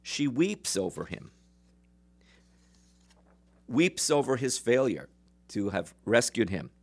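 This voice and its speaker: A man lecturing as he retells a traditional folk tale in a measured way, with some fillers. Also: mid-range voice, big pitch swings, breathy edge. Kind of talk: storytelling lecture.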